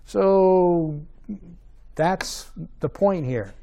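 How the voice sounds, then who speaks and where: A man with a slightly raised, light voice teaches a Bible study. He talks conversationally, checks in with his listeners through quick questions, and leans hard on emphatic words. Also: sits high, dark tone. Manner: conversational, asks rhetorical checks, rises to emphatic stresses.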